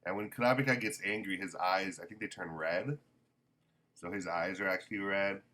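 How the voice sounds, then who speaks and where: Low-voiced man rambling about manga. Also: normal speed, sharp tone. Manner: rambling, many ums and self-corrections. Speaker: manga reviewer. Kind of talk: casual review chat.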